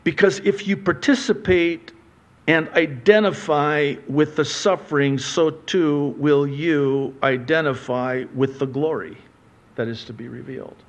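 Slow, dramatic male preacher. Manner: dramatic, swings from hushed low asides to loud high exclamations; animated storytelling with rhetorical questions. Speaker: pastor. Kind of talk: sermon.

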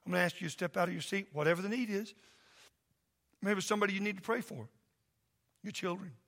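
A man who is a pastor preaching a sermon in a church, impassioned and loud at first, then soft and pleading. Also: high-pitched, fast talker. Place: church sanctuary.

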